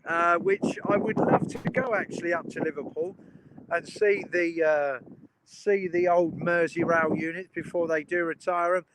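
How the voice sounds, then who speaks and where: A male train-spotting streamer broadcasts outdoors beside a railway line by a river, his voice high and chatty with faint wind behind him. Enthusiastic and casual, he comments live and greets viewers by name.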